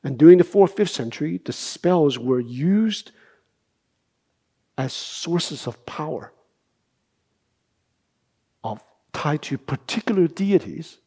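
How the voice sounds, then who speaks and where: A middle-aged man gives a dharma talk as a meditation teacher, taking his time. His voice is mellow and a little husky. He keeps checking in with his listeners by asking "right?". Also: on the high side. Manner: unhurried explaining, with rhetorical questions and frequent "right?".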